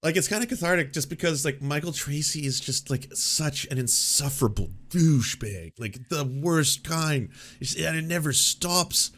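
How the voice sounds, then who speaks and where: A man's voice: fairly high pitch, animated, normal speed, few pauses, a bit bright. A man hosting a reaction show, talking casually and loosely, with lots of swearing and "like" fillers. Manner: loose, profane, frequent "like" fillers. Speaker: show host reacting to a debate. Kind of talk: casual commentary.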